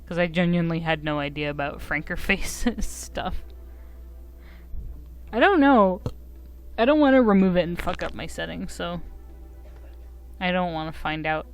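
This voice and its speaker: A woman's voice: fairly low pitch, lively intonation, normal speed, long pauses, faint music behind. A young woman streaming a game, chatting casually in a giggly, self-mocking, rambling way. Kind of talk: casual live-stream chat.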